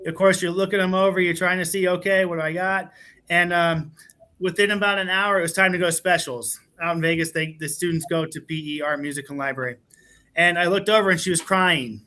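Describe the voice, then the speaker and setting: A man's voice: high-pitched, steady tone, brisk, sharp tone. A man who is a school administrator, telling a heartfelt teaching story on a panel in an earnest way with many fillers.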